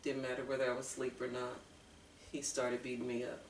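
A woman as an interview guest, telling her personal story in an earnest, halting way with restarts. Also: very deep voice, monotone, a little hiss or hum. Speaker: guest author. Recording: echoey room, mic far off.

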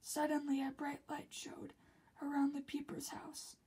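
A woman reading a children's picture book aloud, slipping often into a soft whisper between the characters' lines. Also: high voice, completely flat delivery, measured pace, poor audio.

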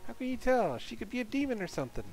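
A man's voice: very high-pitched, sing-song, rapid-fire, gravelly, darkish tone, faint music behind, voice pushed up, full character voice, low-quality recording. A man voicing an anxious, suspicious teenage girl who keeps asking questions, reading game dialogue aloud.

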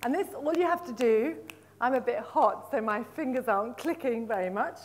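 A middle-aged woman leading a live teacher-training workshop in a conference room, lively and encouraging, praising the audience and drawing out words slowly as she repeats them. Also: on the high side. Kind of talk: live workshop demonstration of storytelling with flashcards.

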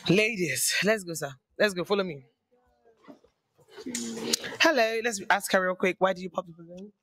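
A woman with a Nigerian accent hosting a dating game show, brisk and teasing as she directs contestants. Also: mid-range voice, fairly bright tone.

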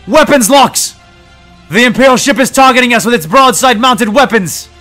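A man reading a story, voicing a tense male cyborg clone soldier who shouts urgent reports. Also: extremely high pitch, normal speed, faint music behind, pitched above the performer's own voice. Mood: urgent shouting.

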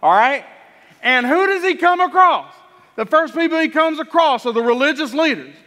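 High, bright-voiced preaching man. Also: moderate pace, in a large hall. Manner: animated preaching that acts out the story's voices. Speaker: pastor. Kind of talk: sermon. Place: church sanctuary.

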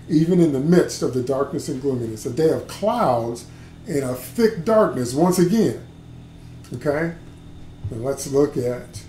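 A man's voice: a little high, darkish tone. A man preaching a livestreamed sermon, stressing and repeating key words and often checking in with "okay?". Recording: echoey room, faint background hum.

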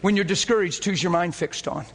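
In a large hall during a church service, a high-voiced man preaches briskly and with passion. His sermon is packed with rhetorical questions rising to emphatic peaks.

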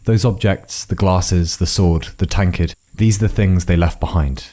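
A man voicing a gruff, hard-drinking old woman guide in a storybook reading, talking in a blunt, dry and weary way. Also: low-pitched, moderate pace, warm tone. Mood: impatient.

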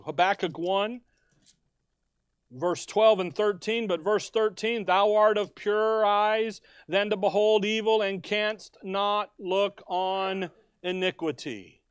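A man preaching a sermon, swinging from quiet asides to loud, impassioned cries as he reads scripture aloud. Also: sits high, no room sound, studio quality. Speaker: pastor.

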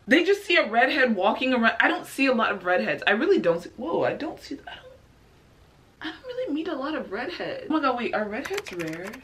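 Female reaction host, fairly high and animated, rambling and incredulous. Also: fairly quick. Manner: exasperated, rambling, incredulous questions. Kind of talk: casual commentary.

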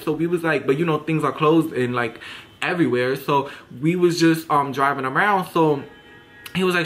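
A man's voice: fairly high pitch, fairly bright tone. A young man with a New York accent telling a storytime vlog in a sassy, dramatic rant, swearing freely and addressing his viewers directly. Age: young adult. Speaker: vlogger.

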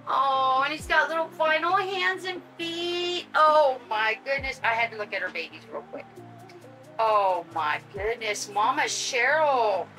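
An older woman, gushing and excitable as she unboxes dolls in a casual vlog and chats to her viewers. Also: fairly high pitch, low-quality recording. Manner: gushing, excitable, talks to her audience and pets. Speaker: vlogger unboxing reborn dolls.

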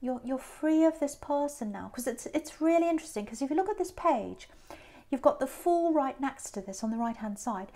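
A woman's voice: high voice, animated, normal speed, dark tone. A woman giving a tarot reading who muses aloud, repeats phrases and often restarts. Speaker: tarot reader.

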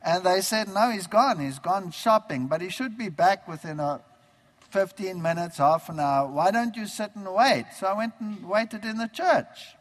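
Man preacher, high voice, lively storyteller who acts out the dialogue; long hall reverb. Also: moderate pace. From Germany. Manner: animated storytelling, acting out remembered dialogue. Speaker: preacher giving his testimony. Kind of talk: storytelling sermon testimony.

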